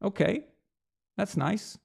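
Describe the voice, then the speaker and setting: Gravelly man ranting about football. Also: high-pitched, animated, takes it slowly, a little mellow. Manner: blunt, heated, rhetorical questions, profane. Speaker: sports show host. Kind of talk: opinionated sports commentary rant.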